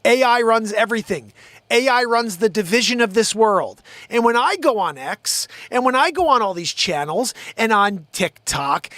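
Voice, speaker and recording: A man's voice: very high voice, a bit bright, no echo. Heated, profane man ranting. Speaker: show host. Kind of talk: live-stream rant.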